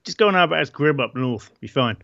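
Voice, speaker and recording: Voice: medium pitch, expressive, brisk, vocal fry, fairly bright tone. Wry co-host, dull lo-fi sound. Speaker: co-host commentator. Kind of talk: casual joking commentary.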